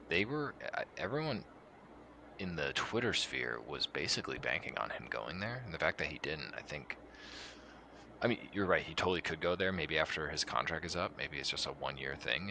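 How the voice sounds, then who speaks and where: A man's voice: very deep voice, vocal fry, a little hiss or hum. A man co-hosting a sports podcast, chatting casually and animatedly. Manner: animated, breaks into laughter, loud voice impressions. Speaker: podcast co-host.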